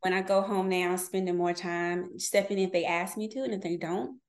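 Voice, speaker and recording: A woman in her forties, a guest on a podcast, chats casually and tells personal stories with candor, laughing often and slipping into quoted voices. Her voice is on the low side, steady in tone, at a moderate pace.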